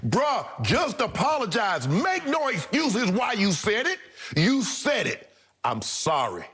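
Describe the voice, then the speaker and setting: Brief: middle-aged man, high-pitched, heated sports-talk pundit, preachy and emphatic. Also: very animated, slow, fairly bright tone, slightly rough. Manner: emphatic, preachy, addresses co-host directly. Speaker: sports debate show co-host. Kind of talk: heated opinion commentary.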